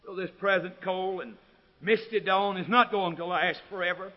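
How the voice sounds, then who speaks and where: A man preaching a sermon, swelling to loud, ringing climaxes and then dropping to a low, quiet tone. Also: normal speed, lo-fi sound.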